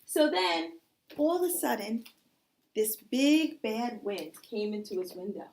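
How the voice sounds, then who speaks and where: A woman teacher tells young children a story about clock hands, her voice sitting somewhat high. She speaks in an easy, animated way and keeps checking in with the class. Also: unhurried. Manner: checks in with "okay?" often.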